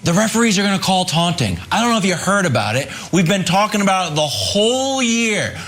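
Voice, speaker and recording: Scolding high-pitched man lecturing. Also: very animated, fairly quick, a bit bright. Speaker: sports debate co-host. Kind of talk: heated sports debate.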